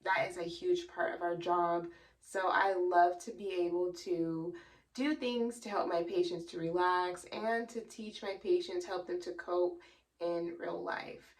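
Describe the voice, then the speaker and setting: A woman's voice: fairly low pitch, fairly even intonation, a little slow, far from the mic. A young woman who works as a psychiatric nurse, explaining in a chatty, earnest way with a lot of "you know". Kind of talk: casual educational explainer.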